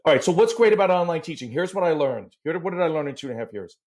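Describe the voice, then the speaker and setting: A middle-aged man, a voice teacher, telling lively stories in a podcast interview and singing short demo syllables. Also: on the high side, very fast. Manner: animated storyteller, sings demo syllables. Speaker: voice teacher and guest.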